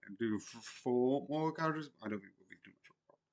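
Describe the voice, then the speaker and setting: A man's voice: mid-range voice, lively intonation, quick pace, darkish tone. A man from Britain, streaming a casual, rambling anime review full of fillers and self-corrections.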